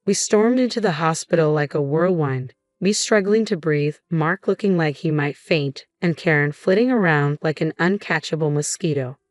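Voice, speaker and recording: Low-voiced woman narrating a story. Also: moderate pace, hardly any pauses, no echo, soft background music. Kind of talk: scripted first-person story narration.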